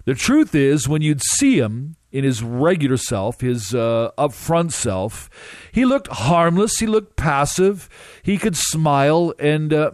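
A man recounting a dramatic first-person testimony as a minister, emphatic and halting, with drawn-out pauses. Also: a little high, a little mellow, dry recording, clean studio sound.

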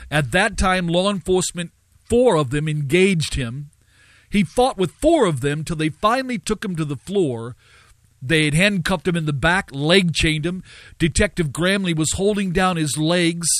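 A man's voice: on the high side, dry recording. A man hosting a live radio talk show, telling a story and preaching in an earnest cadence with frequent fillers.

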